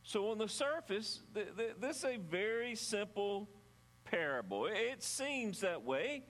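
A man delivers a sermon in a church, reading scripture and then explaining it with earnest, measured emphasis. His voice sits a bit higher than most men's, and he sometimes stumbles and restarts a phrase. A long hall reverb trails behind every line. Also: big pitch swings, a bit bright. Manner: earnest, measured preaching with some halting restarts. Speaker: pastor.

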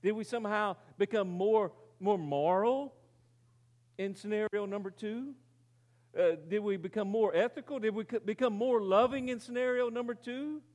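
Male preacher, fairly high voice, dramatic storyteller who drops to a hush, rhetorical questions. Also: normal speed. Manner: dramatic storytelling, rises loud then drops very quiet; asks the audience rhetorical questions. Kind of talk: sermon illustration.

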